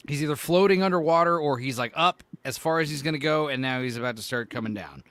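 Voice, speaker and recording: Rambling, profane man, slightly high voice. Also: fast, fairly bright tone, clear, resonant tone, no room sound. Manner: rambling, profane, lots of "like" and "you know". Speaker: podcast co-host. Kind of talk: casual chat.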